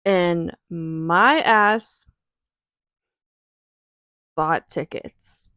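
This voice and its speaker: A woman's voice: fairly low pitch, very slow, pushed and bright, dry recording. A young woman talking in an emotional, rambling way in a personal vlog at home, near tears. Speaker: vlogger.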